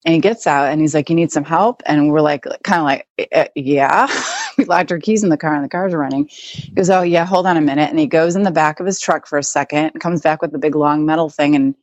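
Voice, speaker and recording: A woman's voice: low voice, big pitch swings, quick pace, dry recording. A woman telling a personal story as an interview guest, chatty and casual. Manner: chatty, with many likes and restarts.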